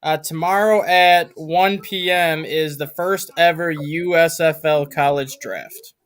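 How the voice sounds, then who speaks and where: A man's voice: fairly high pitch, fairly even intonation, takes it slowly, a bit bright. A man co-hosting a sports talk show, giving news in a matter-of-fact way.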